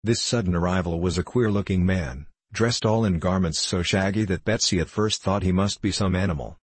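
Male storybook narrator, deep and breathy, dry close sound. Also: fairly quick, no echo. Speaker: audiobook narrator.

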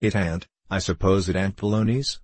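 Guy reading as a fussy old dad, deep husky voice, dry close sound, gets all excited over his food. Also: moderate pace, no echo. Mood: savoring. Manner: fussy, excitable, homely speech. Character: cheerful old working man, fond father.

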